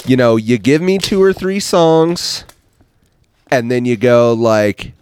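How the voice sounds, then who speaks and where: A man's voice: mid-range voice, lively intonation, slow pace, a little mellow, clean tone. A man hosts a podcast outdoors by a bonfire, ranting playfully and with emphasis. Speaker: podcast host. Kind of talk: casual podcast chat. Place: outdoor patio around a bonfire.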